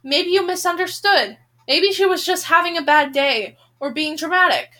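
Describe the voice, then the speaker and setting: A woman's voice: very high-pitched, moderate pace, bright, forceful tone, pitched above the performer's own voice. A woman reading aloud as an anxious middle-aged mother, pleading in a thin voice.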